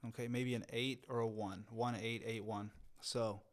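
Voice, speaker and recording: A man's voice: medium pitch, moderate pace. Reflective middle-aged male podcast co-host. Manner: reflective storyteller, drops to hushed, calm tones. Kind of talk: casual conversation.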